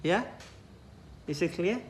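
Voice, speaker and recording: A man's voice: high-pitched, expressive, takes it slowly, a little hiss or hum. A man teaching a classroom language lesson, patiently repeating syllables for his students.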